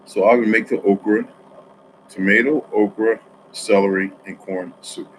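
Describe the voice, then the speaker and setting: A man from New Jersey talking in a rambling, profane monologue, swinging between loud outbursts and quiet asides. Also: lowish voice, fairly even intonation, moderate pace, a little hiss or hum, rough recording.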